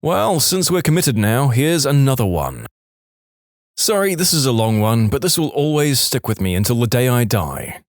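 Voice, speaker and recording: A man's voice: mid-range voice, normal speed, dry recording, studio quality. A man reading internet stories aloud as a podcast narrator, telling them expressively. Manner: expressive storytelling. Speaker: story narrator.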